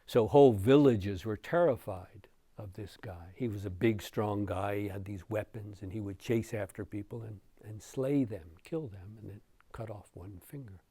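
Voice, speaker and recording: A man giving a dharma talk as a meditation teacher, telling a story in an unhurried way with soft chuckles. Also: fairly low pitch, no room sound.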